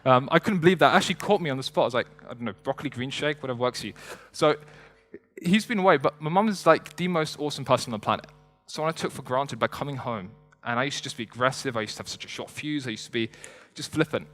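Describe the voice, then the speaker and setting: Fast-talking young man in an echoing hall. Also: medium pitch, soft background music. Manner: energetic, conversational, with joking asides to the audience. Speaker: motivational speaker. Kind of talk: motivational stage talk. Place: stage before a live audience in a large hall. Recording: long hall reverb.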